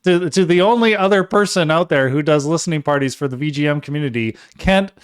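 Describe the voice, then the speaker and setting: A man hosting a live music stream, with a voice a bit higher than most men's. He talks in an upbeat, jokey way and laughs often. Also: fast talker, smooth. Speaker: livestream host. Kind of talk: casual live show hosting.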